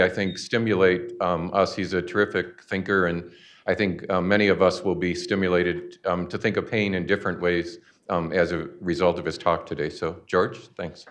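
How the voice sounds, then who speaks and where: A man introducing the keynote speaker to an audience in a halting way, with many fillers. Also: sits low. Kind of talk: introduction speech. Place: lecture hall.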